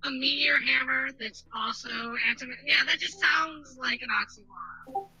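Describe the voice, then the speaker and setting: A woman playing a tabletop game, making quick, matter-of-fact rules comments. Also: sits high, pushed and bright, husky, dry recording. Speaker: player. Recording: dull, dry lo-fi sound.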